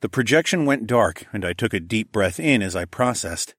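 A man's voice: on the low side, expressive, moderate pace, fairly bright tone, no room sound. A man narrating a first-person audiobook in a wry, dry manner with muttered asides.

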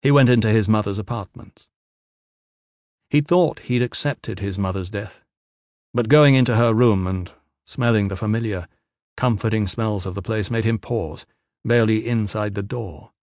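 A man reading a fantasy novel aloud in measured, even scripted narration. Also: on the low side, dry recording, clean studio sound. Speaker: audiobook narrator.

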